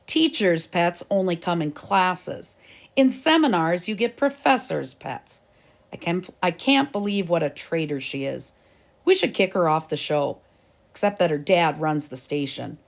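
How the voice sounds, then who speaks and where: A woman's voice: lowish voice, lively intonation, a little slow, creaky. A woman reading aloud and voicing a stubborn, argumentative schoolboy in a storybook. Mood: arguing. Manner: indignant, argumentative. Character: boastful scheming schoolboy, stubborn and dramatic.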